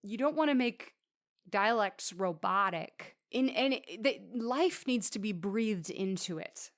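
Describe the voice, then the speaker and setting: A woman's voice: mid-range voice, expressive, a little slow. A woman speaking in a middle register, chatting on a podcast about acting. She talks animatedly and often breaks into laughter between points. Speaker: theater actor. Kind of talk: casual podcast chat.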